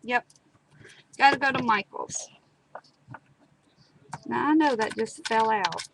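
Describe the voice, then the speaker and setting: A woman's voice: on the high side, slow pace. A woman, chatting and telling stories while demonstrating a craft project. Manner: chatty storyteller, dramatic repetitions. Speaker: craft video host. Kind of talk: casual chat and craft demo. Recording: clear background noise, live stream.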